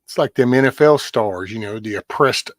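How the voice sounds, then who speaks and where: A man's voice: lowish voice, moderate pace, no echo. Man, blunt, profane ranting, casual livestream host, dry close sound. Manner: answers viewer chat by name.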